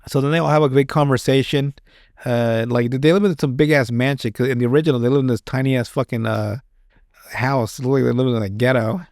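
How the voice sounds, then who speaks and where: A man's voice: mid-range voice, fairly even intonation, fast talker, a little mellow, no echo, clean studio sound. A man hosting a podcast, recapping a show in casual chat, rambling and swearing with many restarts. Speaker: podcast host.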